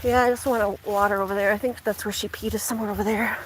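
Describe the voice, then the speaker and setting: A woman's voice: fairly even intonation, racing, noisy background. Chatty woman streaming from her backyard. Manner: chatty, rambling, swears when irritated; high sing-song baby talk to animals. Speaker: animal vlogger live streaming. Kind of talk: casual live stream chat. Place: outdoors in a backyard garden.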